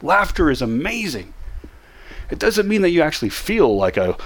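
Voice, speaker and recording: This motivational teaching talk on managing depression comes from a man whose fairly high voice is very animated, moving at a moderate pace. He addresses the listener head-on with emphatic short commands, saying them again and again.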